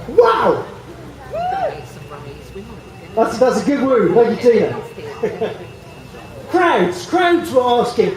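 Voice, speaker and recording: Animated preacher, echoey and distant. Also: male voice, very high voice, takes it slowly, pauses often. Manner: animated, jokey, acts out biblical voices. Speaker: street preacher. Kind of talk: outdoor evangelistic talk. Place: outdoors in a public square. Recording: echoey from far off.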